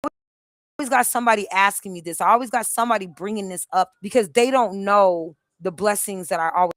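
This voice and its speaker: Animated woman telling a story live. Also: mid-range voice, fast talker, no room sound, clean studio sound. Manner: animated, emphatic storytelling with many restarts. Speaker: host. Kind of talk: casual live stream storytelling.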